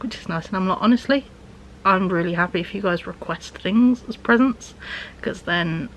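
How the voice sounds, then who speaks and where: A young woman chats about her week in a loose, rambling way. Her voice sits a little low and often sinks to a near-whisper. A faint room hum runs underneath. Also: fairly quick, a bit bright, poor audio. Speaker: vlogger. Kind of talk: casual chat.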